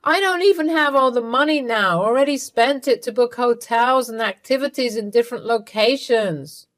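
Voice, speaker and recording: A woman's voice: expressive, measured pace, close to an everyday voice. A woman voicing a scheming older mother-in-law. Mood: panicked. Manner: scornful, then pleading and shrill.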